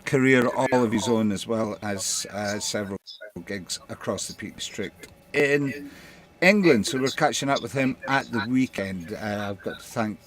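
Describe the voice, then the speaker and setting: A man's voice: lowish voice, moderate pace, fairly bright tone. A man hosting a live online show, talking with frequent hesitations and fillers. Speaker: host.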